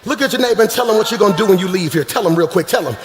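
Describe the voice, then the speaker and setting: A man preaching a sermon as pastor, shouting and half-singing his lines, calling out to the congregation from the stage. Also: sits high, expressive, very fast. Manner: shouting, sing-song preaching with crowd call-outs. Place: large church hall. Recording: echoey live church hall.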